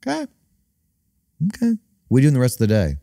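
A man talking casually as a podcast guest, halting and restarting a lot, sometimes slipping into funny voices. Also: mid-range voice, wildly swooping pitch, vocal fry, dark tone, dry recording, studio quality. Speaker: comedian guest.

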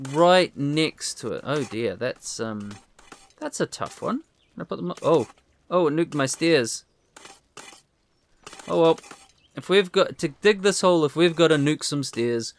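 A man's voice: on the high side, expressive, measured pace, long pauses, a little hiss or hum. A man giving casual, rambling gameplay commentary, talking to himself and making fun of his own skill. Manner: rambling, self-deprecating, talks to himself. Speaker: let's play host.

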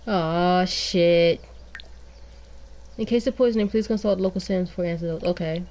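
A woman's voice: lowish voice, moderate pace, mellow. A young woman streaming a life-sim game, giving casual, exasperated running commentary and swearing often.

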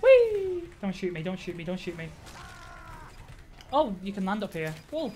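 A woman live-streaming a game, chatting casually with her viewers, reacting out loud, swearing and laughing often. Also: lowish voice, animated, moderate pace, a little hiss or hum. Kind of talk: casual gaming commentary.

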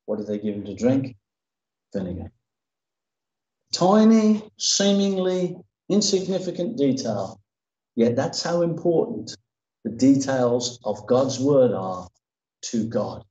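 A man's voice: mid-range voice, lively intonation, takes it slowly, long pauses, mellow, roomy sound, highs cut off. A man preaching a sermon as pastor, emphatic and dramatic in his delivery. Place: church.

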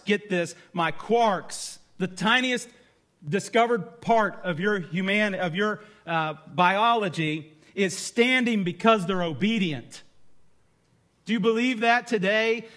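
A man preaching a sermon in church, conversational and candid, his voice dropping low and quiet on key words. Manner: candid asides with fillers. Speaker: pastor.

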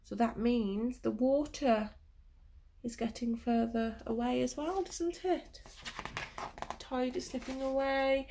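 Woman, storybook reading, high voice, slow and unhurried, sing-song, asks the children questions, slips into whispers. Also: warm tone.

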